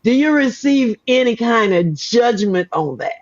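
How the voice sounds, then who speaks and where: A woman's voice: a little high, animated, measured pace, lo-fi sound. Older Southern woman with Gullah Geechee traces. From Gullah Geechee region, US South. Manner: folksy storytelling, repeats words. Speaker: host. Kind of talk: casual interview chat.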